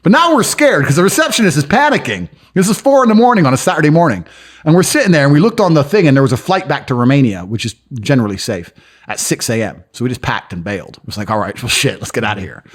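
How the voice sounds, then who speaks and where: Animated and quick, his voice on the high side, a man living in London plays a podcast guest who brags in brash, crude stories. He acts out other people's lines throughout the casual chat.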